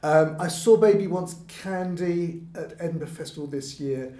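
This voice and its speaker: A man's voice: fairly high pitch, normal speed, mellow. A man in a casual podcast conversation, self-deprecating and chatty, laughing often as he talks about improv. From not from Birmingham, lives there. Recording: echoey room.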